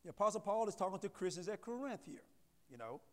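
Pastor, male, high voice, call-and-response sermon, echoing church hall. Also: very animated, fast talker. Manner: call-and-response preaching, repeats words, rising to loud emphasis. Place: church sanctuary. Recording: long reverb of a church hall.

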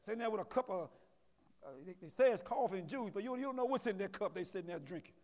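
Pastor, male, high voice, call-and-response sermon, echoing church hall. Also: expressive, fast talker. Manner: call-and-response preaching, repeats words, rising to loud emphasis. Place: church sanctuary. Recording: long reverb of a church hall.

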